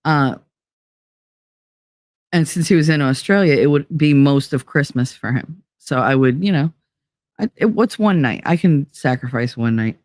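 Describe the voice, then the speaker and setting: A middle-aged woman with a low voice chats casually on her podcast, telling a story. She gets animated, laughs often and jumps up in pitch when she quotes people. The sound is dry and close. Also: normal speed, no room sound. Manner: animated, laughing, quoting others in raised voices. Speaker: podcast host.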